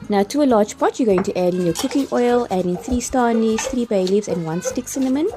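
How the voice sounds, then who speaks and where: A woman's voice: fairly high pitch, animated, fairly quick, mellow. Chatty woman cooking. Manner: chatty, step-by-step instructions with light laughs. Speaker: cooking vlogger. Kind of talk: cooking tutorial voice-over. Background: background music.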